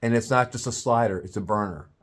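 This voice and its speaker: A man telling a comic story in a drawn-out, playful way. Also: lowish voice. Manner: animated, drawn-out comic buildup.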